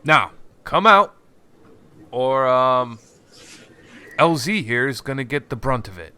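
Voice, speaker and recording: A man voicing a cold, impatient male vampire boss who hisses his threats slowly. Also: fairly low pitch, fairly bright tone. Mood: menacing. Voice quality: hissing, whispery threats.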